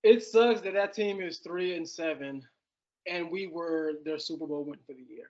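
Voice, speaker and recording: A man's voice: a little high, moderate pace, darkish tone, highs cut off. A man co-hosting a casual sports podcast, emphatic and talking over his partner. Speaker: podcast co-host.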